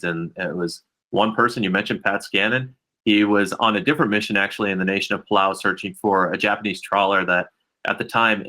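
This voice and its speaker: Low, bright-toned man being interviewed. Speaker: guest, nonprofit president. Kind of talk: interview answers.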